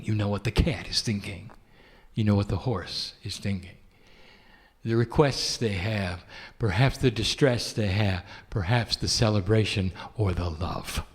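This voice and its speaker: Speaking in a fairly low voice, a man channels an ancient, loving spirit entity that addresses listeners tenderly, poses rhetorical questions, and chuckles softly. A long hall reverb surrounds the recording.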